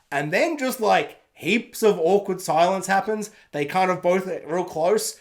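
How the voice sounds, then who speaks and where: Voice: medium pitch, measured pace. A film reviewer ranting through a spoiler recap, sarcastic and swearing freely. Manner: animated, sarcastic, swears freely, laughs often.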